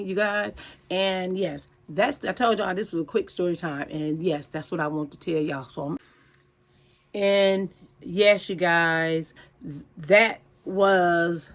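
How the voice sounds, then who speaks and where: A woman tells a storytime straight to her viewers in a casual, blunt way. She swears freely and keeps calling out to her audience, her telling animated and unfiltered. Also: on the low side. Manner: animated, blunt and profane, addresses viewers as y'all.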